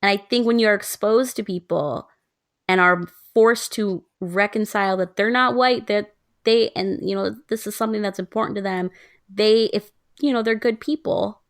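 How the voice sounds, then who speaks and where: A woman in her twenties, a podcast co-host, telling stories in casual chat, animated and laughing often. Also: mid-range voice, moderate pace, dry recording, clean studio sound.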